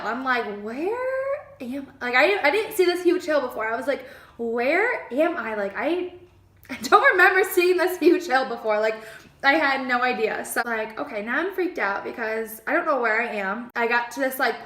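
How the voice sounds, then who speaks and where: A woman's voice: on the high side, pushed and bright, reverberant. A young woman vlogger telling a personal story in a casual, rambling way, full of "like" and acted-out lines of what she said back then. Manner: chatty, heavy use of "like", acts out her own past lines.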